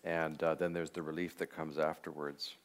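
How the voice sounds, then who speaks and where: A man teaching a class, leading a guided meditation on a Bible passage in a reflective, unhurried way with frequent filler pauses. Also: extremely low pitch, little pitch movement.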